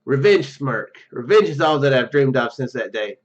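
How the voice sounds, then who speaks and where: A man's voice: mid-range voice, lively intonation, normal speed, lightly acted. A man voicing a pompous, vengeful villain who hosts an island, with theatrical menace. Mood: menacing. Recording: dull muffled recording with faint game music.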